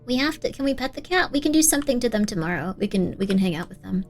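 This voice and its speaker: A woman's voice: a little high, lively intonation, fast talker, soft background music. A woman streamer chatting casually while she plays a game. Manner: chatty, rambling. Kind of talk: casual gameplay commentary.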